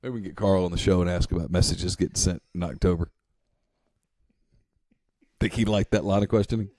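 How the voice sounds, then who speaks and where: A man's voice: sits low, fairly even intonation, a little fast, warm tone, dry recording. A man co-hosting a sports podcast, talking casually with dry sarcasm. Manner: sarcastic, mock-serious.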